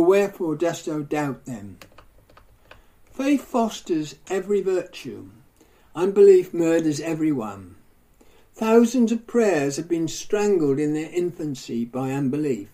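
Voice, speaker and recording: A man delivers a sermon in a mellow, somewhat high voice. He declaims, with rising lists of phrases that swell in force and then sink to quiet, grave endings. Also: low-quality recording. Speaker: preacher.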